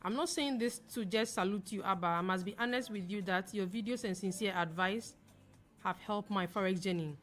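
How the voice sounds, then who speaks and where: A young woman from Ghana hosting a live trading stream, talking fast as she reads viewer comments aloud and answers them. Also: medium pitch, faint music behind. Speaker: forex trading livestream host. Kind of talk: casual livestream chat reading viewer comments.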